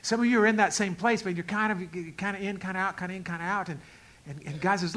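A middle-aged male pastor telling a story in a sermon, acting out the dialogue and swinging from loud outbursts to quiet asides. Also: high voice, fast talker, poor audio. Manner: animated, acts out dialogue with big swings in loudness.

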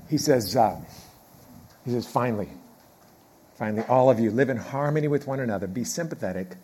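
A middle-aged man preaching a sermon in a church, talking conversationally, dropping quiet, then building loud, and repeating key phrases. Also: mid-range voice, very animated, a little fast, breathy edge. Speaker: pastor.

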